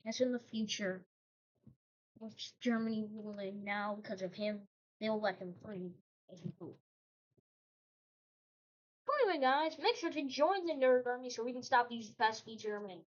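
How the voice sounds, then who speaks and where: A woman host telling a made-up history story in a casual, rambling way, breaking off into joking asides. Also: on the high side. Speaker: channel host. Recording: dull lo-fi recording.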